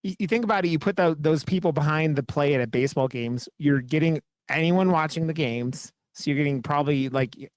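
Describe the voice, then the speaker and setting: A man's voice: on the high side, brisk, hardly any pauses, dry recording, studio quality. A man co-hosting a horror podcast, chatting casually in a rambling, profane, enthusiastic way. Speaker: podcast co-host.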